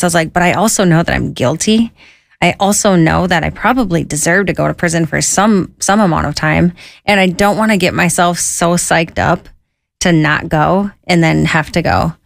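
A woman with a somewhat low voice tells her own story in a relaxed, conversational way. She slips into lively quoted voices for the people in her tale. The sound is close and dry. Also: gravelly, no room sound. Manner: lively, quotes herself and others in an animated voice. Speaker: guest sharing her testimony.

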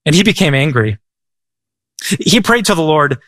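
A male pastor gives a sermon in an easygoing, joking, storytelling way. His voice is bright and ringing and sits a little high for a man. The recording is close and dry. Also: big pitch swings, normal speed, no room sound. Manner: casual, joking, conversational storytelling.

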